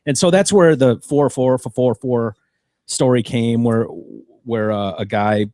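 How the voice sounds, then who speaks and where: A man's voice: medium pitch, slow pace, dry recording, studio quality. A man co-hosting a casual comedy podcast, jokey and laughing often as he tells odd stories. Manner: jokey, laughs often, puts on silly French shouts. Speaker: podcast co-host.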